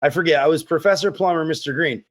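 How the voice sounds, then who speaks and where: A man hosting a podcast interview, telling stories in a rambling, animated way. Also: a little high, quick pace. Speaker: podcast host. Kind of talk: casual interview chat.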